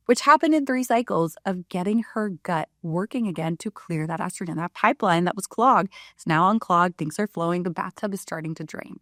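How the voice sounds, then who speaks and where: A woman health practitioner teaches straight to camera in a blunt, casual way. Her voice sits a little low, and the sound is dry and close, with no room echo. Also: brisk, fairly bright tone.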